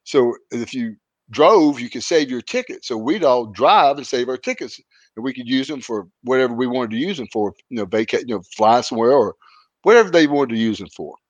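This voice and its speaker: A man hosting a podcast, telling road stories in a relaxed, casual way and livening up when he quotes friends. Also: medium pitch, fairly quick, dry recording, highs cut off. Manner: laid-back, animated when quoting others. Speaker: podcast host, retired wrestler. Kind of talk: casual storytelling.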